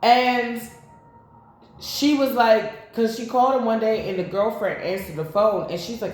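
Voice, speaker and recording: A woman's voice: fairly high pitch, steady tone, measured pace, a little mellow. A woman giving a casual tarot reading to camera, blunt and profane, drifting into rambling asides. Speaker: tarot reader. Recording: very echoey room.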